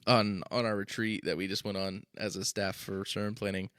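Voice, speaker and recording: A man's voice: fairly low pitch, level tone, fairly quick, a bit bright, dry recording, clean studio sound. A man hosting a podcast in casual chat, easygoing and joking with his co-host.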